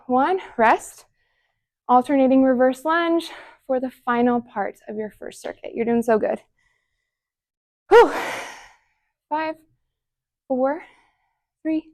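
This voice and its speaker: A young woman with a slightly high voice coaching a home workout. She is out of breath and puffs between cues. She counts down sets and cheers the listener on. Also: darkish tone. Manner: encouraging, counting down reps between short breathy exhales. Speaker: fitness instructor. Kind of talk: follow-along workout instruction.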